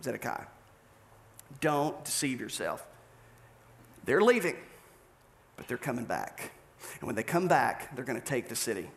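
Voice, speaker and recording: A man voicing a stern old prophet, speaking low and grave with earnest urgency. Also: sing-song, moderate pace, fairly bright tone.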